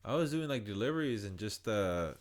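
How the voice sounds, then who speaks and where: A man co-hosting a podcast, talking in halting runs with many restarts. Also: lowish voice, expressive. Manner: halting, full of fillers and restarts. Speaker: podcast co-host. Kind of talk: casual chat.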